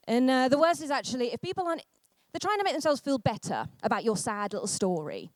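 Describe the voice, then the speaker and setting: Young woman, stand-up comic, sardonic, fairly high voice, dry close sound. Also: big pitch swings, dry recording. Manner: sardonic, self-deprecating, quick asides to the audience. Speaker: stand-up comedian. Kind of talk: stand-up comedy set.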